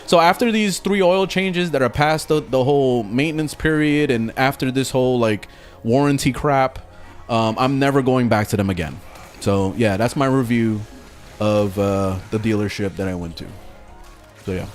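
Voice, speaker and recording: A man streaming a video game, chatting casually and telling an animated story with lots of swearing, reading questions from chat, faint game music behind him. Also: mid-range voice, normal speed.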